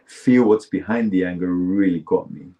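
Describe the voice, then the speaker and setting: A man's voice: low voice, moderate pace, mellow, muffled recording. A man co-hosting a talk show, chatting candidly about his own experiences and laughing easily. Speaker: podcast co-host. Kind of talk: casual conversational chat.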